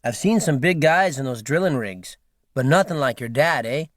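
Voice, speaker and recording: A man's voice: medium pitch, expressive, moderate pace, a bit bright, no room sound, clean studio sound, close to an everyday voice. A man voicing a cheerful young bush pilot in his twenties, friendly and boastful, in an audiobook. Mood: friendly teasing. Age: 20s.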